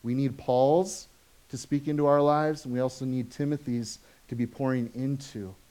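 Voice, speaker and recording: A man in the middle of a sermon, talking to his congregation like friends, tossing them quick questions and tags. He gets lively when telling everyday stories, then drops quiet and low for the serious points. His voice sits at an ordinary middle pitch. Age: adult, has children. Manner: conversational, asks the congregation questions often; swings from animated to soft and low. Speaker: pastor.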